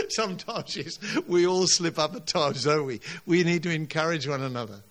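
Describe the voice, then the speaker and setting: A male pastor preaches with a bright, forceful tone pitched somewhat high. He drives his points home emphatically, lifting his voice on the big declarations. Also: normal speed. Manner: emphatic, animated preaching with rising exclamations. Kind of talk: sermon.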